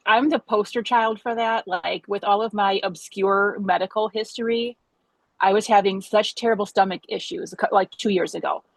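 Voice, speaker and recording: Husky, gravelly woman telling stories. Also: medium pitch, normal speed, dry recording, rough recording. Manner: animated storyteller, acts out quotes, swears. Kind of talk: candid podcast conversation.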